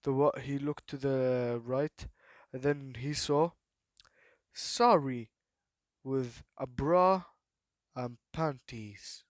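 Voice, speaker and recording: Male storyteller, off-the-cuff and halting, mid-range voice, dry close recording. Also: mid-range voice, no echo. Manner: halting, full of fillers and repeated "then what?". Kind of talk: rambling improvised fan story retelling.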